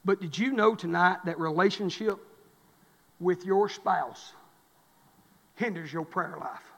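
A middle-aged man, a pastor preaching a sermon, swinging between fervent, rising exhortation and quiet storytelling. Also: high-pitched, unhurried, creaky, in a large hall, highs cut off. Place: church.

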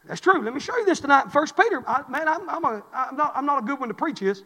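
Man, pastor, fervent sermon, high-pitched, long church-hall reverb. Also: expressive, fast. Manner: fervent preaching with rising shouts and soft storytelling.

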